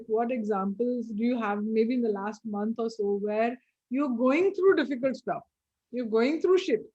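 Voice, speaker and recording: A woman's voice: on the high side, dark tone. A woman hosting a casual conversation over a video call, asking long frank questions and swearing freely. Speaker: interview host. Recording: slightly dull lo-fi sound.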